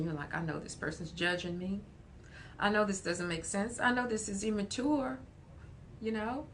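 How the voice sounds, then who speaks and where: A woman counselor giving an animated, emphatic livestream talk, often breaking into laughter. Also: mid-range voice, slight background noise.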